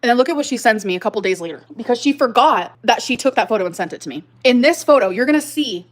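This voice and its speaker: A woman's voice: on the high side, animated, fast. A woman talking straight to her viewers in an agitated, rambling way, swearing often and breaking into nervous laughter. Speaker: livestreamer responding to claims. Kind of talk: emotional unscripted ranting to viewers.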